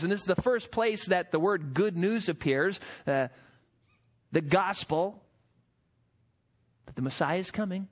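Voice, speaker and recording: A man preaching a sermon, emphatic and building to forceful peaks. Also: high voice, lively intonation, a little slow, pauses often. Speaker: pastor.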